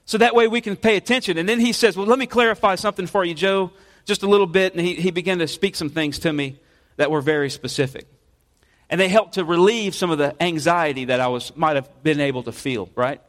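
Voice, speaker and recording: A high-voiced man, preaching in an easy, conversational way that often stops and starts over. His voice carries the long reverb of a church sanctuary. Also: a bit bright. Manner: conversational, halting preaching with repeated restarts. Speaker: pastor. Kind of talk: sermon.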